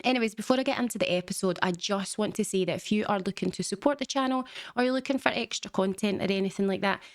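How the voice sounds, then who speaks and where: A woman's voice: medium pitch, fast talker, dry recording, clean studio sound. A young woman, recapping a show in a chatty, rambling way with lots of fillers. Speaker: reaction channel host. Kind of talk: casual reaction recap.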